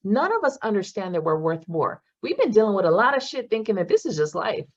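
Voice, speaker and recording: A woman facilitating a self-help class in casual talk, blunt and profane, with animated bursts. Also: mid-range voice, brisk, lo-fi sound.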